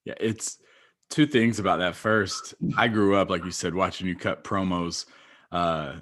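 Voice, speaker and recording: Male podcast host, very low voice, casual and rambling. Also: steady tone, a little slow, a bit bright. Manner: rambling, many fillers and restarts. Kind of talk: casual interview chat.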